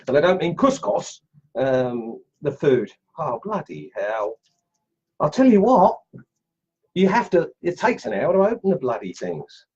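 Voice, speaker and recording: A middle-aged Australian man hosting a casual woodcarving livestream from his home workshop, chatty and excitable, laughing as he tests knives and greets viewers. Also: on the high side, slow pace, pauses often, husky, highs cut off. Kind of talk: casual live-stream chat, unboxing and testing knives.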